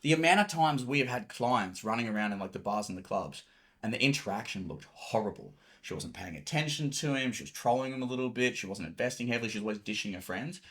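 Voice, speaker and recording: A man's voice: mid-range voice, animated, quick pace, a bit bright. A man coaching on dating in casual talk, blunt and swearing freely, explaining with acted-out examples.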